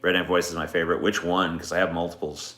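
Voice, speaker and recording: Answering chat requests on a relaxed livestream, this male host swears a lot. He speaks fast in a low-pitched, somewhat bright voice with flat delivery, recorded in an echoey room with background music.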